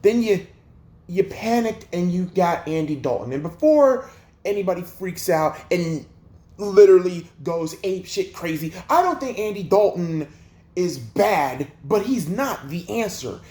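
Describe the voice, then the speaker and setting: A man's voice: high voice, lively intonation, unhurried, warm tone, reverberant. A man hosting a sports livestream, ranting in an exasperated, profane way with lots of rhetorical questions. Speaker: sports channel host.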